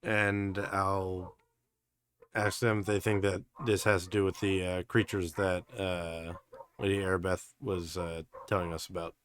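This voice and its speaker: A man's voice: low voice, flat delivery, unhurried, clear, resonant tone, dry recording. A man playing a tabletop game, talking casually and hesitantly, thinking aloud with fillers. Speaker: player.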